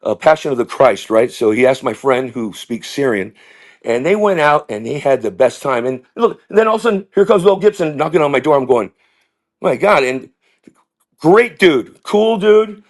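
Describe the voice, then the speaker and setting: A man, a comedian guest, telling rambling animated stories in casual talk over a video call. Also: medium pitch, normal speed. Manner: rambling, animated, slips into impressions. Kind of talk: casual interview storytelling.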